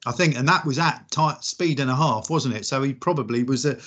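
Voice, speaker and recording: A man's voice: medium pitch, a little fast, fairly bright tone. A man from the United Kingdom hosting a podcast, chatting casually and jokily, rambling and thanking listeners. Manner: jokey, rambling, gives thanks. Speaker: podcast host. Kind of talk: casual chat. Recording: dull lo-fi audio.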